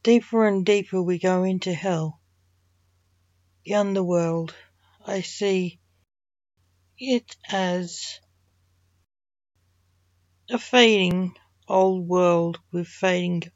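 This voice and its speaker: A woman author reads her dark, poetic story aloud, slow and measured. Her voice sits fairly low. The recording is dry and dull, with little room sound. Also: no echo.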